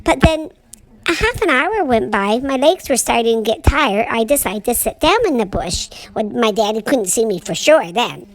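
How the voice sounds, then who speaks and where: A woman's voice: fairly high pitch, animated, moderate pace, no room sound, poor audio. Winston, a woman voicing a chatty young boxer dog. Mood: storytelling. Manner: rambling homespun storytelling with stammered restarts. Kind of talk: pet voice-over monologue.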